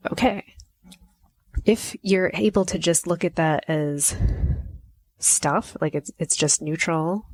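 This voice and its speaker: A woman's voice: deep voice, fairly even intonation, measured pace. A woman hosting a podcast, talking in a chatty, reflective way and often acting out quoted lines. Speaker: podcast host. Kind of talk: casual solo podcast talk.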